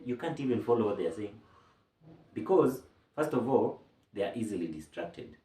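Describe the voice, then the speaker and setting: Chatty man, low, roomy. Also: animated, moderate pace, warm tone, recorded from a distance. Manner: code-switching, chatty, jokey asides. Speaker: mental health explainer. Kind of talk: casual educational talk. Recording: roomy sound from off-mic.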